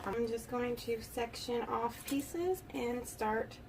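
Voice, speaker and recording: A woman's voice: on the high side, slow. A woman vlogger giving a casual hair tutorial, chatty and giggly, saying "like" often. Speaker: beauty vlogger. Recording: distant mic with clear background noise.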